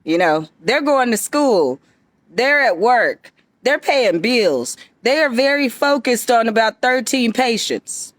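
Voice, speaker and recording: High-voiced confrontational woman. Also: lively intonation, slow pace, dry recording. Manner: emphatic and confrontational, preachy. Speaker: vlogger addressing viewers. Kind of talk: direct-to-camera monologue.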